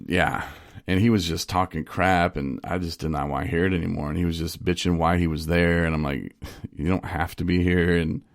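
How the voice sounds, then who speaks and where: Low gravelly man telling stories. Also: dry recording, studio quality. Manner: candid, rambling storytelling with frequent restarts. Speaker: podcast co-host. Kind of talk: casual chat. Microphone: studio microphone.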